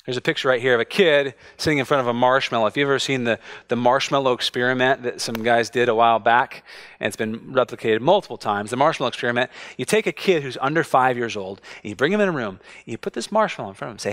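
A man, preaching a sermon and telling family stories with lively voices. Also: medium pitch, fast. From United States. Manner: animated storytelling, acts out family voices. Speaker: pastor. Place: church sanctuary.

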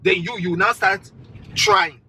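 A young man with a Nigerian accent giving animated, incredulous opinions in a casual vlog, talking from the back of a car. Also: high voice, slow, husky, rough recording. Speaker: vlogger.

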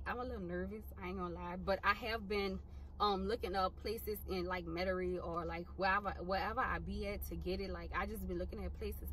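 A woman's voice: fairly low pitch, a little hiss or hum. A young woman, chatting bluntly and casually to her viewers, swearing freely. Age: young adult. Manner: blunt, profane and animated. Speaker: vlogger. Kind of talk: casual chat.

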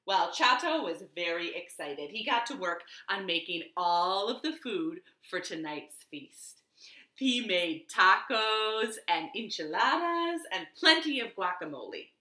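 A woman librarian reading a children's picture book aloud at home, very expressive and animated. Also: mid-range voice, measured pace. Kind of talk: storytime read-aloud. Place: living room at home. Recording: echoey living room.

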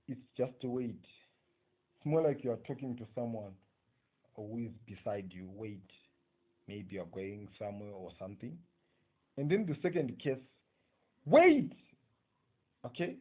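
A man with a Zimbabwean accent gives an English lesson on punctuation, dictating slowly and often checking with "okay?". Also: medium pitch. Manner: slow, dictating phrases, frequent "okay?" checks. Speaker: English teacher. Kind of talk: recorded exam-prep lecture. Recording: tinny phone-like audio.

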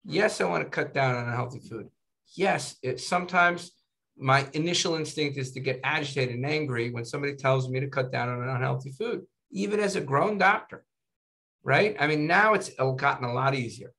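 A physician guest, male, speaks fairly quickly in a creaky, medium-pitched voice during a casual interview. He's an animated storyteller whose lines end with "right?" or "you know."

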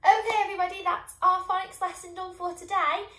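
A woman teaching young children phonics, sounding out each sound slowly and clearly and encouraging them. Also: very high voice, fairly even intonation, fairly bright tone, echoey room. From England. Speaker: primary school teacher.

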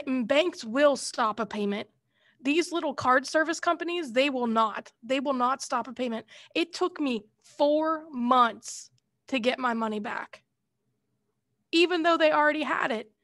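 High-voiced woman teaching a college class. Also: a bit bright, no echo, clean studio sound. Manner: casual, heated storytelling with mild slang. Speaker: college instructor. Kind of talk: classroom lecture with a personal anecdote.

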